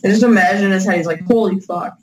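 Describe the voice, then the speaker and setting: A woman's voice: medium pitch, fast talker, a crowd in the background. A woman co-hosting a casual chat, speaking bluntly and swearing casually. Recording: noisy background.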